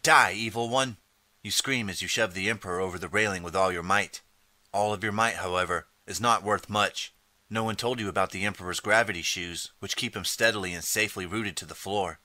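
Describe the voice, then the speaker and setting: An audiobook narrator reads an interactive book in steady, scripted second person, calling out page choices. His low voice sounds sharp and forceful, moving fairly quickly, and the recording is close and dry with no room sound.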